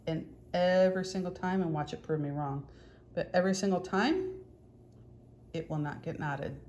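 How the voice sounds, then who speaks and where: A middle-aged woman with a lowish, slightly mellow voice, with a faint hiss or hum in the recording, chats casually at home while showing stitching techniques. A cross-stitch vlogger, she keeps the tutorial talk loose, chatty and full of jokes at her own expense.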